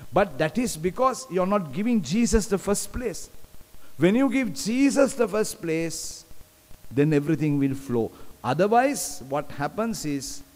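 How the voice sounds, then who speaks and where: A man's voice: fairly high pitch, a little mellow. A man preaching a sermon, repeating phrases and putting questions to the congregation. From Sri Lanka. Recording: long hall reverb, live stream.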